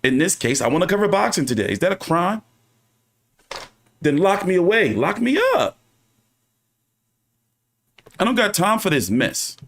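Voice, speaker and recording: A man's voice: sits high, a little slow, pauses often. A man hosting his own boxing channel, talking casually and ranting with lots of swearing. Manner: profane, animated, ranting. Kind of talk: casual livestream commentary.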